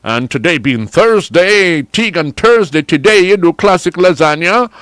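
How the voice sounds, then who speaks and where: Chuckling Antiguan radio host. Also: male voice, sits high, animated, unhurried, fairly bright tone, no echo. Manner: chatty, chuckling, savoring the food aloud. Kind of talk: casual radio chat, reading lunch specials.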